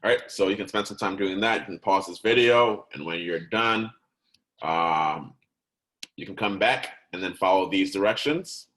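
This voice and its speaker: Low-voiced guy teaching a recorded class, chatty, lots of "right?" and "okay?". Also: normal speed, fairly bright tone, poor audio. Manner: conversational, keeps asking "right?" and "okay?"; checks in with the listener, stops to correct himself.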